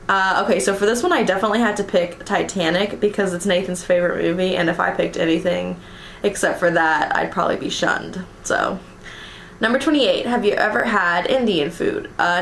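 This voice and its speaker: A woman's voice: medium pitch, a bit bright, echoey room, a little hiss or hum. A young American woman vlogger chatting casually through a list of questions, giggling often and filling with ums and likes. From United States. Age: young adult. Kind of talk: casual chat reading tag questions.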